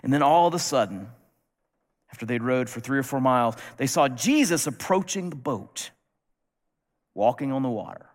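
A man's voice: mid-range voice, lively intonation, moderate pace, long pauses. Man preaching in a reverberant hall. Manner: casual, wry asides, repeats words when restarting. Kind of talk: conversational sermon. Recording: long reverb of a large hall.

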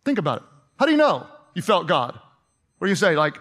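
A man's voice: high voice, big pitch swings, quick pace, fairly bright tone. A man preaching a sermon to his congregation in a conversational, playfully sarcastic way, asking them questions. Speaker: pastor.

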